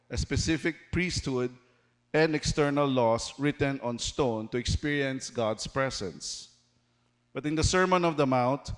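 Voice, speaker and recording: A man with a Filipino accent preaching a sermon to his congregation, mixing English and Tagalog and asking the listeners questions as he goes. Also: fairly high pitch. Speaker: pastor. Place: church.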